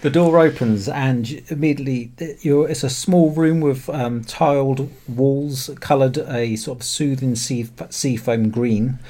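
A man's voice: mid-range voice, a little slow, few pauses, warm tone. A man narrating as game master of a tabletop role-playing game, describing rooms at length with many fillers. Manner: descriptive, calls for checks, hesitant fillers.

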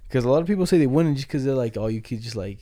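A young man spins loose, profane stories among friends, full of slang and laughter. His voice is mellow and dark in tone. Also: mid-range voice, animated, rapid-fire, no room sound, clean studio sound. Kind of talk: casual chat.

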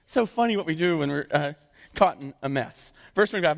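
A man's voice: fairly high pitch, lively intonation, brisk, vocal fry. A man in his thirties, a pastor giving a casual, joking sermon and often checking in with "right?". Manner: conversational and jokey, keeps asking "right?". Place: church sanctuary. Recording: echoey church hall.

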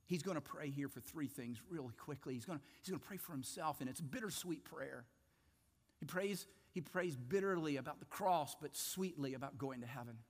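A man preaching a sermon earnestly, dropping to a hushed tone for emphasis. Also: a little high, brisk, long reverb tail. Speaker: pastor.

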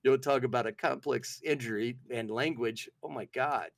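A man's voice: mid-range voice, moderate pace, creaky, dry recording. A man from the Southern US with a Southern accent, co-hosting a casual comedic chat and acting out silly voices. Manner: animated, jokey, acts out voices. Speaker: podcast co-host.

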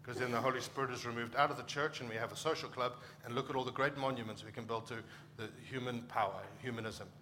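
A man's voice: mid-range voice, fairly even intonation, fast, few pauses, bright, forceful tone, slight background noise. A middle-aged man from Africa, a pastor preaching a conversational sermon and acting out short quoted exchanges.

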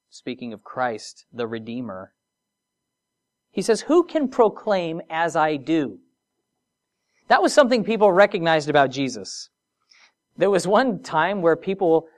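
A preacher giving a sermon, moving between soft, drawn-out phrases and emphatic rises, with conversational asides and rhetorical questions. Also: mid-range voice.

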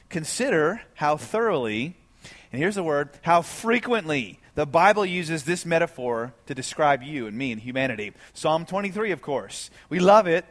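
A man preaching a sermon to a congregation, animated and full of rhetorical questions. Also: sits high, a little fast, in a large hall. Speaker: pastor.

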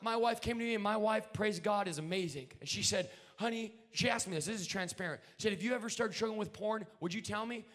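A man preaching a revival sermon, alternating between shouted, sing-song declarations and lower conversational asides. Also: fast, hardly any pauses. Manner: drops to low conversational asides.

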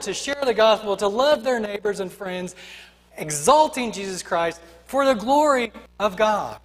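A man's voice: high voice, fairly bright tone, big-room sound. A man preaching a sermon as pastor, emphatic and rhythmic, building his points through repeated refrains.

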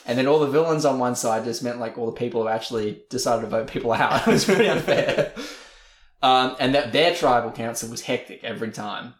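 A man's voice: medium pitch, brisk. Laughing storyteller man in an echoey room. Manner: animated storyteller, laughs mid-sentence, acts out quoted people. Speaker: podcast co-host. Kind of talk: casual chat. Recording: roomy echo.

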